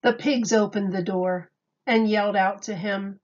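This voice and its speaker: A woman teacher reading a children's story and explaining a craft, gentle and clear, step by step. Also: medium pitch, steady tone, measured pace, muffled recording.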